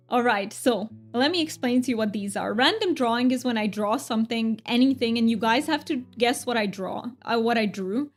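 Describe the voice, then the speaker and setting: Chatty, giggly woman streamer talking to her chat; pitched a bit high, light music underneath. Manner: chatty, giggly, thanks viewers by name. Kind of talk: casual livestream chat.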